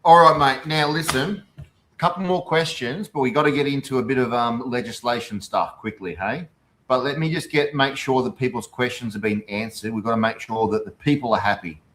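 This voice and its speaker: A man with an Australian accent hosting a casual interview, firing off quick questions in a matey way. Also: mid-range voice, a bit bright, a little hiss or hum. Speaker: host.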